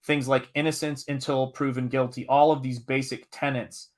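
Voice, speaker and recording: A live-stream host from Tennessee, who is also a comic artist, chats casually and tells a lively, emphatic story. His voice is mid-range and his pace moderate, and this Southern US man reads chat comments aloud and occasionally curses when he's riled up.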